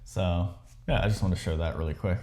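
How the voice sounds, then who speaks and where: A man's voice: low-pitched, fairly quick, dark tone, echoey room, faint music behind. A man hosting a photography channel, chatting casually and rambling, with many fillers and restarts. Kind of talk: casual chat.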